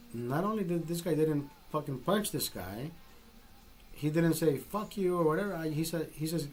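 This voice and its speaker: Brief: male vlogger, casual swearing storyteller, voice sits a bit high, faint hiss behind. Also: lively intonation, fairly quick, a little mellow, poor audio. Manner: profane, emphatic, retells exchanges in dialogue.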